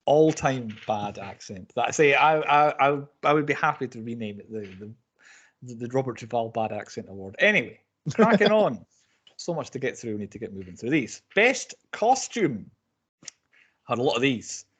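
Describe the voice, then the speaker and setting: A man hosting a podcast among friends, moving briskly through a list with a joking edge. His voice sits in an ordinary middle pitch, and the talk is relaxed and conversational. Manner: brisk, joking, listing nominees. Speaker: podcast host. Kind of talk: casual chat.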